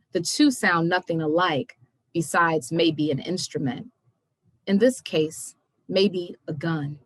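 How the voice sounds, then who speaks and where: Low-voiced woman reading poetry. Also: fairly bright tone, dry recording. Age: young adult. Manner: measured, emphatic reading with rising intensity on questions. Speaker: poet reading her work. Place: home, virtual event. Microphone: video call.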